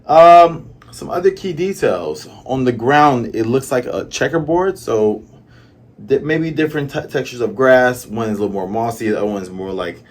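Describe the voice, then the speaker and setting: Man, from the American South, manga reviewer, casual chat, lively pitch, lots of fillers. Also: moderate pace. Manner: chatty, musing, lots of fillers. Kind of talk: casual commentary.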